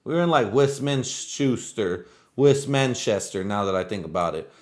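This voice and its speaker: A man from a Mexican-American family, a native Spanish speaker talking in English, tells a rambling, profane story in a laid-back vlog monologue. His voice is lowish with lively intonation at a moderate pace.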